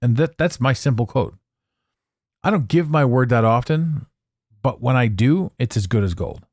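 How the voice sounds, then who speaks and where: Blunt, animated man riffing on a podcast. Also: mid-range voice, normal speed, dry recording, studio quality. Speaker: podcast host. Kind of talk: casual monologue.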